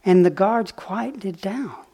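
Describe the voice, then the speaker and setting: A man giving a dharma talk as a meditation teacher, telling a story gently and unhurriedly, with pauses and small fillers. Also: high-pitched, lively intonation, breathy edge. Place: retreat center meditation hall.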